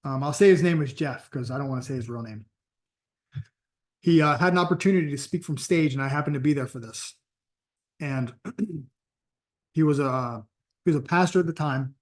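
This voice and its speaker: Casting: man, sales coach, emphatic storyteller, voice sitting a bit high. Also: moderate pace, pauses often. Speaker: sales and network marketing coach. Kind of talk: motivational training talk.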